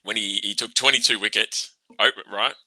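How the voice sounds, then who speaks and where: A man's voice: lowish voice, steady tone, moderate pace, pushed and bright, no echo, poor audio. An Australian man and former player co-hosting a casual sports podcast, blunt and sweary, laughing often. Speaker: podcast co-host, ex-cricketer.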